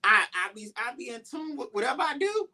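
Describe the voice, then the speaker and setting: A man hosting a casual podcast chat, telling a personal story in an animated way and often quoting his own thoughts aloud. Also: very high voice, brisk. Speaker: podcast host.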